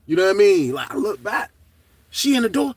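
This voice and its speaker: A middle-aged man telling a story to camera in a casual, profane, animated way, shouting at the high points. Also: brisk, no room sound, far from the mic.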